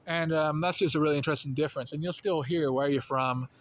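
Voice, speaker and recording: A man's voice: on the high side, fairly even intonation, quick pace, a little hiss or hum. A young man from rural North Carolina with a light Southern accent, talking in a casual, rambling monologue full of fillers and restarts. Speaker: channel host.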